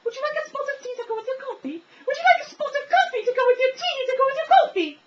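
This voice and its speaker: A man's voice: very high-pitched, lively intonation, fast, muffled recording, pitched above the performer's own voice. A man doing a prim chirpy British young woman.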